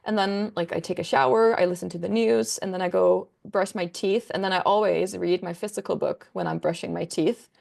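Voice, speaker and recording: A woman's voice: on the low side, fairly even intonation, fairly quick, creaky, few pauses, darkish tone. A young woman, a book content creator, chatting as a guest in a casual interview, rambling enthusiastically with lots of fillers.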